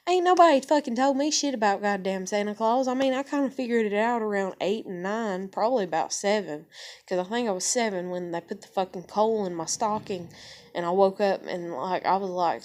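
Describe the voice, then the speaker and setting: A woman's voice: mid-range voice, a little mellow. A woman in her thirties ranting to camera in a casual vlog, rambling, heavy with swearing, upset and near tears. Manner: profane, rambling, heated. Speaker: vlogger.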